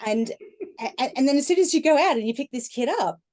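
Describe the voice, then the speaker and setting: A middle-aged woman speaking as a guest in a conversational talk, animated and laughing as she acts out inner voices. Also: high-pitched, a little fast. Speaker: guest speaker on emotional healing.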